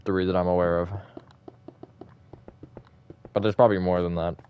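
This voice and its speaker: A man's voice: low voice, level tone, moderate pace, dull audio, a little hiss or hum. A man streaming a building game live, chatting casually and reacting to viewer comments. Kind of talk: live gaming stream chat.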